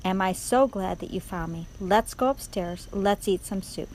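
A woman voicing a gentle, kind young princess who speaks in a high, earnest, pleading way. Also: moderate pace, a little hiss or hum, close to an everyday voice, rough recording. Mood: tender.

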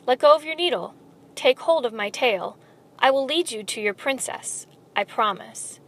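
A woman voicing a sly, smooth-talking male rat villain in a storybook reading, with a silky, theatrical delivery. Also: sits high, lively intonation, normal speed, fairly bright tone. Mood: coaxing. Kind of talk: storybook read-aloud.

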